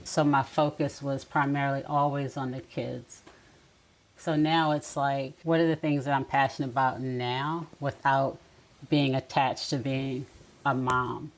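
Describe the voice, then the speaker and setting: A middle-aged woman, a podcast guest, speaking in a reflective, gently advising way during a casual conversation. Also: extremely low pitch, fairly even intonation, measured pace, poor audio.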